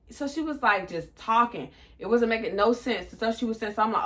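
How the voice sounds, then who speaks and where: Bright-voiced young woman telling a storytime. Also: fairly high pitch, a little fast, few pauses. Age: 20s. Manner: animated, profane, acts out quotes. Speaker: vlogger. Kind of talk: casual storytime.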